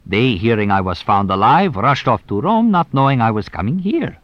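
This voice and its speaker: A man's voice: mid-range voice, very animated, normal speed, no room sound, close to an everyday voice. Guarded count from italy, short formal replies, dry slightly dull sound, played by a man. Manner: terse, formal, hesitant. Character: nervous Italian count, middle-aged man.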